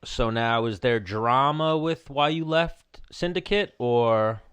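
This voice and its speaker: A male podcast host and producer in a studio with a mid-range voice. He asks his questions in a relaxed, low-key tone and steers the chat back on topic. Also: slow pace, clean tone.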